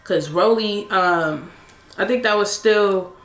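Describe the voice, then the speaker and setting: A woman's voice: medium pitch, slow pace, a bit bright, reverberant. A young woman hosting a reaction show, recapping reality TV in casual, blunt, heavily slangy talk full of swearing.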